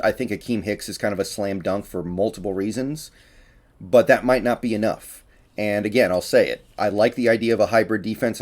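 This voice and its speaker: A man's voice: on the low side, darkish tone. Slightly breathless man breaking down football. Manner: chatty, opinionated, with frequent fillers and restarts. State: a little out of breath. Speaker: sports commentator. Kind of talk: casual solo sports analysis.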